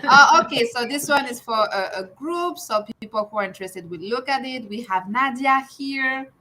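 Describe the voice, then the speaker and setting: A woman's voice: a little high, lively intonation, normal speed, pushed and bright, rough recording. A woman hosting a casual livestream panel, upbeat as she greets guests and reads viewer comments aloud. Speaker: livestream host. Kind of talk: casual hosted panel chat.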